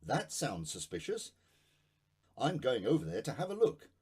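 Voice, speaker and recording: A man's voice: medium pitch, huge pitch swings, moderate pace, darkish tone, husky, heavily acted. A man voicing a suspicious, bullying middle-aged village policeman who blusters and threatens.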